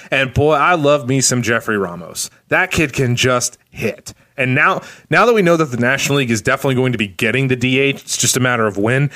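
A man with a mid-range voice chats casually as a podcast co-host. He speaks with eager, animated enthusiasm, like a devoted fan. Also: mid-range voice. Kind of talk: casual sports chat.

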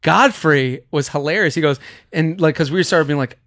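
Young guy podcast host, kinda high voice, tells stories and does everyone's voices, swears a lot. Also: moderate pace. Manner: animated storyteller, acts out quotes, swears freely. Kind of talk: casual chat, storytelling.

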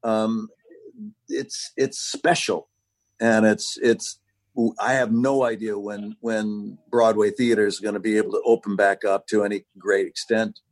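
A man's voice: fairly low pitch, fairly even intonation, unhurried. A man in casual conversation, speaking in a hesitant, wistful way. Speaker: theater lover.

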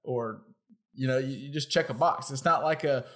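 A man's voice: mid-range voice, moderate pace. A young man co-hosting a podcast in casual chat, talking in a loose, self-correcting way and laughing often. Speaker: podcast co-host.

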